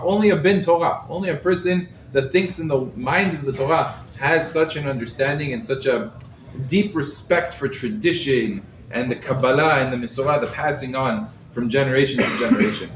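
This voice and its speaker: A man, a rabbi, giving a lively Torah class to a live group, quizzing his listeners and using Hebrew terms, recorded from across the room. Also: mid-range voice. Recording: roomy echo, mic set far off, faint background noise.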